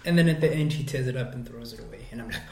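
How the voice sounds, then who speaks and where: A man poet on a panel, telling stories in an animated, expressive way. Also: mid-range voice, racing, gravelly, roomy sound. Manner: animated storyteller, expressive, laughs easily. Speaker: spoken word poet on a panel. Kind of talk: panel discussion.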